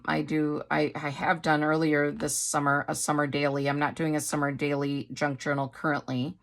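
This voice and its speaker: A middle-aged woman from Wisconsin talks to her viewers in a rambling, gushing way. Her is clear, and her voice sits a little low. She sounds like a casual craft-haul vlog. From Wisconsin, USA. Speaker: craft vlogger. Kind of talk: casual haul chat to camera.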